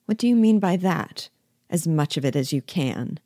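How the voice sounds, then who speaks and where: A woman's voice: expressive, moderate pace, mellow, dry recording, clean studio sound. A woman reading aloud, voicing a frightened young wife who pleads urgently with her husband. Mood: alarmed. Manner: pleading, rising to high urgency.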